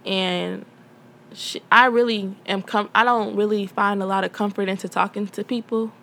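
A woman's voice: mid-range voice, steady tone, moderate pace, creaky, fairly bright tone. A young adult woman hosting a podcast from home, talking candidly and rambling with many fillers. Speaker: podcast host. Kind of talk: casual personal talk.

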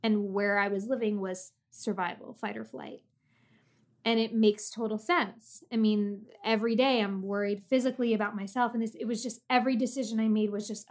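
A woman's voice: medium pitch, normal speed. A heavily pregnant woman in her thirties, chatting candidly and telling personal stories as a guest. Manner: candid, animated storytelling. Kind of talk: casual chat.

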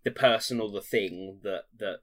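A man co-hosting a chatty podcast, telling a story with growing laughter. His voice is bright and forward. He talks casually and animatedly. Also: on the low side, normal speed. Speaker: podcast co-host.

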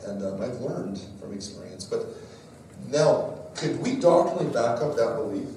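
A middle-aged man giving a church talk to a live audience, telling lively stories that poke fun at himself. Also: medium pitch, moderate pace, a little hiss or hum. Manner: lively storyteller, jokes at his own expense. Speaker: speaker at a church parenting talk. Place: large echoey room with a live audience. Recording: echoey hall recording from far off.

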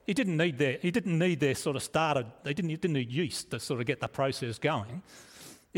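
A man preaching a sermon in an earnest, emphatic way, often restarting his phrases. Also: on the high side. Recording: echoey hall reverb.

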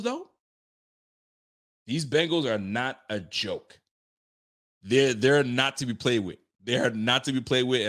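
Reading viewers' comments on his casual football live-stream, a man talks fast in slang, curses, laughs and gets excited, all at a medium pitch.

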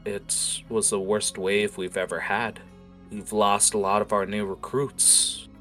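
A man's voice: fairly low pitch, little pitch movement, measured pace, pushed and bright, soft background music. A game master voicing a weary, grim male city guard captain, blunt and worn down.

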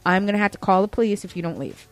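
With no room sound, a medium-pitched woman in her thirties speaks rapid-fire as she casually relates a retail story on her podcast as co-host. Animated throughout, she voices the customers in quotes and leans heavily on "like" as filler.

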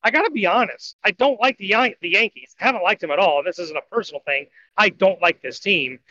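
Podcast co-host, male, high bright voice, rambling betting picks, lo-fi sound. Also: fast. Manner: rambling, self-correcting picks. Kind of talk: casual sports betting talk. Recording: dull lo-fi audio.

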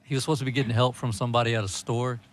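A man's voice: medium pitch, little pitch movement, rapid-fire, a little hiss or hum. A man in casual podcast chat, joking crudely and swearing freely.

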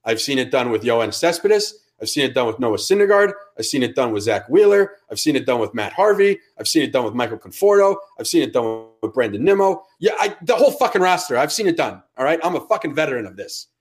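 A man's voice: medium pitch, big pitch swings, fast talker, few pauses. Ranting profane male podcast co-host. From Connecticut, USA. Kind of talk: casual sports chat.

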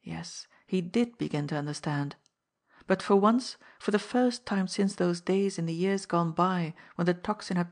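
A woman reads an audiobook in a steady, measured way. Her voice sits a little low. She keeps an even pace. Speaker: narrator. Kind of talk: audiobook narration.

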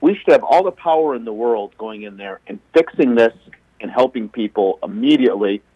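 A man's voice: medium pitch, animated, brisk, warm tone, slightly rough, dry recording. Male caller on a dull phone line. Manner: earnest, argumentative. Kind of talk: opinionated call-in talk. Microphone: telephone.

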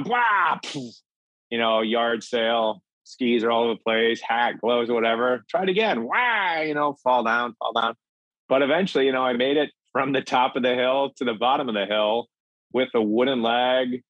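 A man's voice: medium pitch, no room sound, lo-fi sound. A middle-aged man from Minnesota, a podcast guest telling a personal story in an earnest, candid way. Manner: earnest, animated when acting out quotes.

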